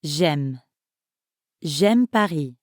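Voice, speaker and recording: A woman teaching a language lesson, saying each word slowly and clearly for learners. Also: low-pitched, expressive, darkish tone, no room sound, clean studio sound. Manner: slow, clear pronunciation for learners. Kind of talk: scripted lesson narration.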